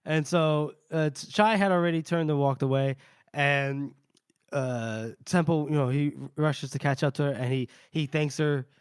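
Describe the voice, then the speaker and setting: Guy on a podcast recapping a book, highish voice, reads quotes out, keeps chuckling. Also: moderate pace, smooth, no room sound, studio quality. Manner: retells scenes, reading quotes aloud with frequent chuckles. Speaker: podcast co-host. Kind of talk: casual book-recap chat.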